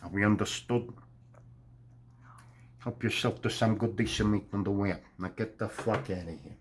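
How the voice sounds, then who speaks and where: A man's voice: fairly low pitch, moderate pace, slight background noise, close to an everyday voice. A man doing a menacing gang-boss butcher. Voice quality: growling, threatening, profane. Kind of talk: movie-villain impression.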